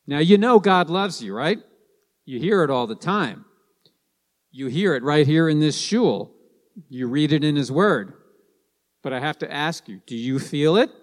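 A man's voice: a little high, in a large hall. A man preaching a sermon to his congregation, stressing points and repeating key lines.

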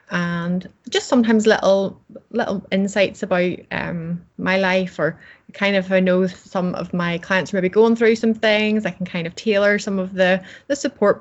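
A woman chats as an interview guest, upbeat and talkative, laughing easily between thoughts. Her voice sits at an ordinary pitch. The audio is a little muffled. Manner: cheerful, chatty, laughs often. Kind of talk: casual interview chat. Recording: slightly dull audio.

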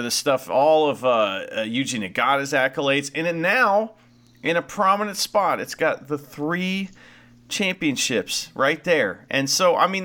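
A man's voice: fairly high pitch, bright, forceful tone. A man co-hosting a podcast, rambling through casual wrestling chat and swearing freely. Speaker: podcast co-host.

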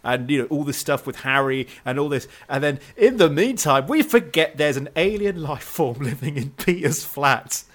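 A man co-hosting a casual film review podcast, animated, laughing often and tripping over his words. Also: a little high, normal speed, hardly any pauses. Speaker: podcast co-host.

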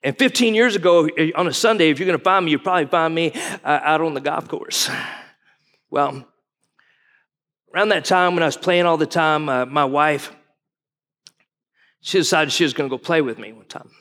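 A man's voice: on the high side, moderate pace, pauses often, a bit bright. A man in his forties, a guest pastor, preaching in a folksy, conversational way and asking the congregation questions. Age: 40s. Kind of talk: sermon. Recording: long reverb of a large hall.

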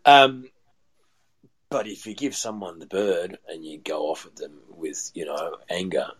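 Low husky chef. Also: male voice, measured pace, low-quality recording. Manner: rambling, repeats and restarts phrases. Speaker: chef, podcast guest. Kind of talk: casual storytelling chat.

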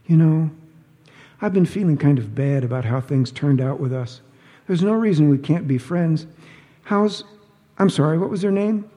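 A man's voice: fairly high pitch, normal speed, warm tone, long reverb tail, voice pushed up, natural voice. A man reading an audiobook, voicing a sly divorced woman who talks in a sugary, teasing, falsely innocent way.

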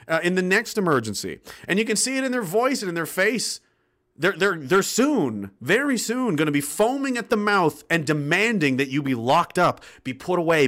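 A male host on a livestream, ranting sarcastically with halting restarts. His voice sits a little high and moves in lively swings, with a bright, forceful edge. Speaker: show host reading chat.

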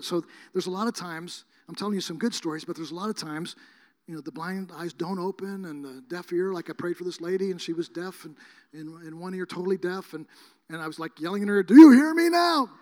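A man preaching a sermon, telling healing stories in a rambling, casual way with many fillers and restarts, sometimes rising to near shouting. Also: high-pitched, fairly even intonation, a little fast. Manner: emphatic, rises to near shouting at times. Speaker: guest preacher.

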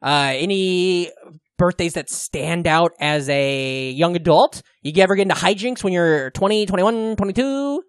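A man's voice: high-pitched, unhurried, clear, resonant tone, dry recording, studio quality. A man co-hosting a podcast, chatting casually, swearing and cracking jokes. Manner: joking, swearing, goofy impressions. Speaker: podcast co-host.

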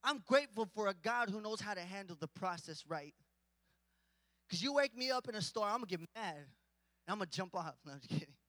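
A man's voice: high-pitched, animated, a little fast, pushed and bright, no echo, long reverb tail. A man preaching a casual, conversational sermon, joking with the congregation and rising to emphatic points.

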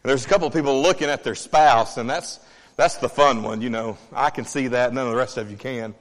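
A male pastor preaches animatedly in a church sanctuary, putting questions to the congregation and swinging between loud, quick stretches and low, quiet ones. The recording carries a long hall reverb.

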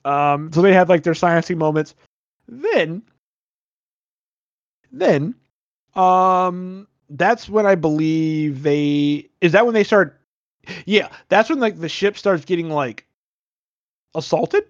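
A man's voice: sits high, animated, takes it slowly, pauses often, dry recording, muffled recording. A male podcast host casually recapping a movie, rambling with lots of fillers and the odd swear. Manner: rambling, filler-heavy retelling with frequent "like".

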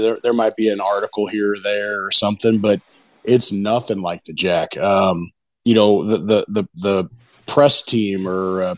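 Dry recording, lowish voice: a middle-aged competition barbecue pitmaster chats in a casual interview, telling an excited, rambling story. He leans on the phrase "you know what I mean" often.

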